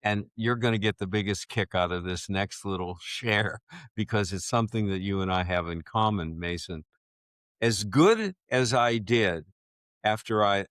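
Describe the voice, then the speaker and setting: A man in his seventies, a guest author telling a personal story in an interview, animated and acting out the voices of people he quotes. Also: on the low side, no echo. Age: 70s.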